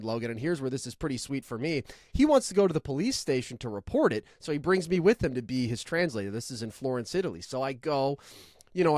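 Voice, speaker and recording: Podcast co-host, male; deadpan sarcastic jokester who tells animated stories, very dry mic. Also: medium pitch, no room sound. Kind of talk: casual sports podcast banter. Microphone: own microphone, remote recording.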